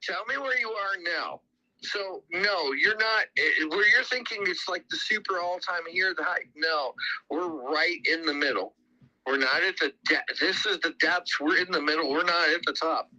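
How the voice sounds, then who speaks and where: A man with a very bright, forceful voice hosts a casual crypto chat. He rambles and restarts his sentences, repeating words as he goes. His pitch sits a little high for a man. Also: moderate pace, low-quality recording. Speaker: crypto community host.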